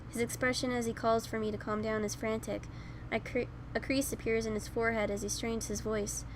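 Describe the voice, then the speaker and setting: A woman's voice: fairly high pitch, level tone, brisk, a little hiss or hum, low-quality recording. A woman reading a visual novel aloud in the first person, now and then correcting herself, with game music behind. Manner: first-person narration, occasional self-corrections. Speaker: game let's player.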